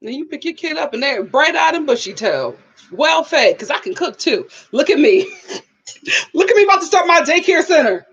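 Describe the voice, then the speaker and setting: Animated high-pitched woman live-streaming. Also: normal speed, dull audio. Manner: animated and playful, laughs often. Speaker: host of a live show review stream. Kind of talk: casual live-stream chat, reading viewer comments.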